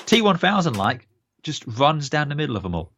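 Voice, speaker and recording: A man's voice: on the high side, big pitch swings, fairly quick, a bit bright, a little hiss or hum. A young man co-hosting a podcast in casual chat, enthusiastic and rambling with many fillers. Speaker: podcast co-host.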